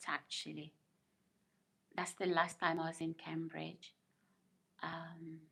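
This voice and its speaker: Middle-aged woman host for a casual live stream; slow, low-set voice, chatty and quick to laugh while reading viewer comments. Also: gravelly. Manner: chatty, laughs often, muses aloud.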